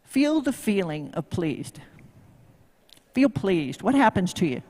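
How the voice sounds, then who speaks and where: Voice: medium pitch, very animated, takes it slowly, darkish tone, big-room sound. A horsemanship instructor with a Tennessee accent, giving a folksy, joking live demo talk and quizzing the crowd. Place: live event venue.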